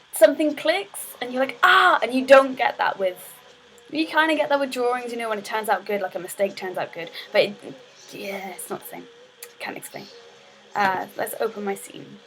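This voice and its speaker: A young woman, a game dev student, casually live-streams her game development work in a mid-range voice. She chats in a rambling way full of fillers and restarts, over a rough recording with slight background noise.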